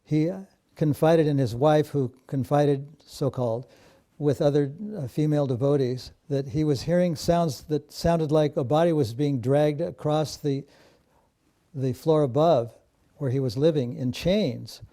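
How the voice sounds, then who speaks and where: Brief: man recounting a memory, measured and warm-toned, dark voice. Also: on the high side. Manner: measured storytelling with fillers. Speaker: devotee recalling memories. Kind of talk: personal reminiscence.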